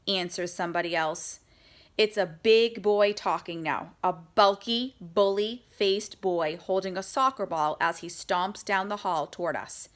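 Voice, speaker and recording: A woman's voice: mid-range voice, moderate pace. Woman reading a children's storybook aloud. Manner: lively, voices a young girl's first-person narration. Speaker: audiobook reader. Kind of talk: children's audiobook narration with character voices.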